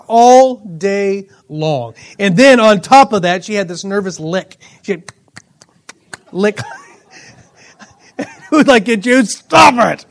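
Taking it slowly with long pauses, a high-voiced, middle-aged pastor addresses his congregation. His personal stories come out animated, broken up by occasional laughter.

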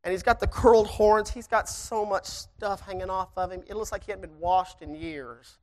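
A preacher tells the church a personal story in a folksy, animated way, then moves into fervent preaching. The voice is medium-pitched at a moderate pace.

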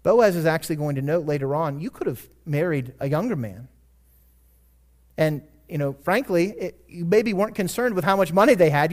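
A pastor delivers a sermon in a slightly high, animated voice with a darkish tone, keeping a moderate pace. He is earnest and conversational, climbing to emphatic peaks and then slipping into casual asides and self-corrections.

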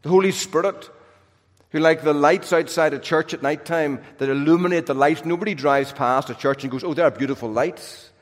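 A man preaching a sermon, swinging between loud, emphatic lines and soft, hushed drops. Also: fairly high pitch, brisk. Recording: long reverb of a large hall.

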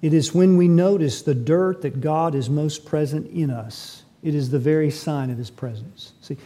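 A man's voice: fairly high pitch, moderate pace, mellow, a little hiss or hum. A man preaching a sermon as pastor, emphatic and full of rhetorical questions.

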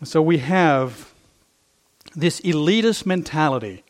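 A man's voice: on the high side, animated, measured pace. A middle-aged male pastor preaching a sermon, impassioned and emphatic, repeating his phrases for effect.

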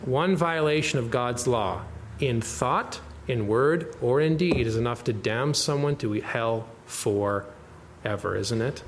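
A man's voice: mid-range voice, takes it slowly, slight background noise. A man preaching an expository sermon to his congregation, earnest and pressing, often closing points with rhetorical questions.

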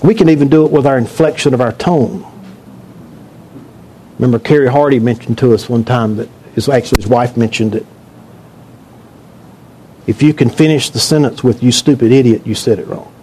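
A man's voice: medium pitch, normal speed, long pauses, warm tone, slightly rough. A man preaching a sermon to his congregation in a church, talking in a conversational, joking way and asking the room questions. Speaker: pastor.

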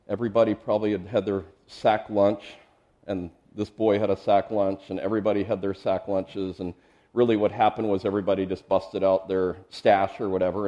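A man's voice: on the low side, dark tone, lo-fi sound. A man preaching an expository sermon as pastor, in a conversational way with chuckling asides and repeated words as he thinks.

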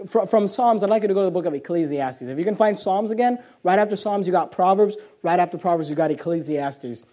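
High-voiced man preaching a fiery sermon. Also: quick pace. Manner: fiery preaching, swinging between loud emphasis and quiet, and repeating key phrases. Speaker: pastor.

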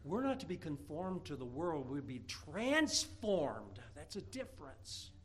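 A man's voice: a little high, sing-song, measured pace. Folksy, emphatic man preaching a sermon. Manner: folksy storytelling with emphatic outbursts. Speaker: pastor.

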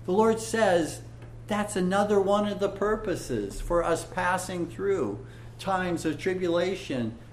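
Slow, earnest male preacher. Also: high voice, expressive, roomy sound, a little hiss or hum. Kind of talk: sermon.

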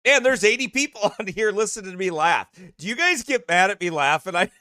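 Casually chatting on a livestream, this male pastor has a high, expressive, sharp-toned voice that runs a little fast and sounds slightly strained. He's goofy and laughs frequently, and the recording is dry with clean studio sound.

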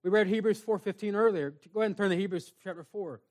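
A man with a notably high voice preaches an earnest sermon to a small church congregation. He moves between plain talk and reading scripture in old-fashioned wording. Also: fast, darkish tone. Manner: earnest preaching, reads scripture aloud in King James wording. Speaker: pastor.

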